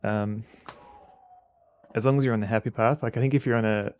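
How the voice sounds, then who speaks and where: A man with an Australian accent streaming a game, chatting casually in a halting, rambling way with many fillers. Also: fairly low pitch, steady tone, darkish tone, clear, resonant tone, no room sound. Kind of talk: casual commentary while playing a game.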